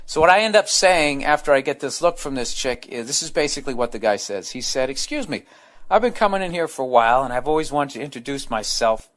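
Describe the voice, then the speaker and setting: A man's voice: medium pitch, expressive, fast talker, a bit bright. A man hosting a comedy podcast, reading a listener letter aloud and ranting about it in a profane, blunt way with stumbling asides.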